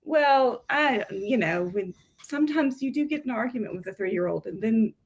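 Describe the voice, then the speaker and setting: A woman's voice: on the high side, expressive, normal speed, breathy edge, low-quality recording. A woman co-hosting a casual chat, chiming in and finishing her partner's sentences. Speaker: co-host.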